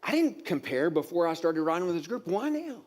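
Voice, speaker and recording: High-voiced man preaching. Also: a little fast. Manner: storytelling, grows animated and exasperated with rising emphasis; many fillers and repeated words. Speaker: pastor. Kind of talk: sermon.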